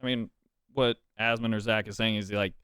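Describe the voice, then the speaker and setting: A man's voice: lowish voice, steady tone, moderate pace, bright, forceful tone, clean tone, no echo, studio quality. A man streaming, giving casual reaction commentary with a chatty, laughing manner.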